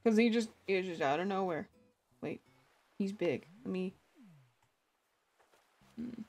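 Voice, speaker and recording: A woman's voice: medium pitch, unhurried, a little mellow. A woman streamer chatting casually and giggling often as she plays a cozy life-sim game and greets her chat. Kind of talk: casual gaming livestream chat.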